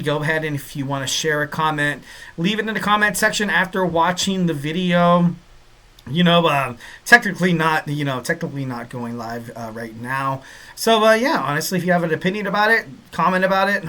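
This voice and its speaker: A man hosts a casual podcast in a bright, forward voice that sits a little high. He rambles cheerfully, leaning on fillers and pet phrases as he goes. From Southern California. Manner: rambling, upbeat, lots of fillers and repeated catchphrases. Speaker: podcast host.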